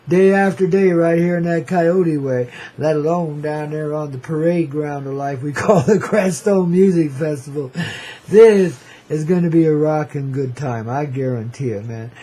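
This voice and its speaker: A man's voice: on the high side, dark tone, slightly rough, rough recording. A man hosting a radio show, rambling in a playful, slangy, cosmic way and calling listeners "baby". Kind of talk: freewheeling hippie radio monologue.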